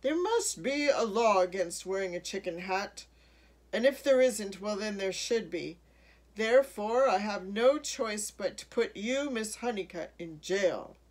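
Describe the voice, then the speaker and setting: A pompous storybook town mayor, as a woman reading aloud puts him on, puffed up and blustering. His voice rises high and booms out loudly when he lays down the law. The reading moves unhurriedly. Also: animated, measured pace. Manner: blustering, loud and commanding. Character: pompous self-important male town mayor.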